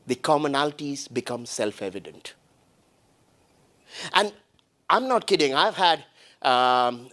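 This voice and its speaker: Man from india giving a talk, blunt and emphatic, slightly high voice, lots of restarts and uhs. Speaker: conflict facilitator speaking at a breakfast talk. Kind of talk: animated public talk.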